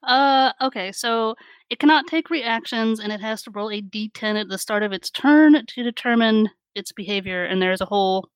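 A woman's voice: fairly high pitch, moderate pace, clean tone, no echo, rough recording. A woman player in a tabletop game, chatty and laughing often. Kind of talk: casual tabletop game play.

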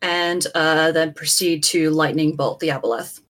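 A woman player in a tabletop game, describing her character's actions deliberately. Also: sits low, fairly even intonation, a bit bright. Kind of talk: casual tabletop game play.

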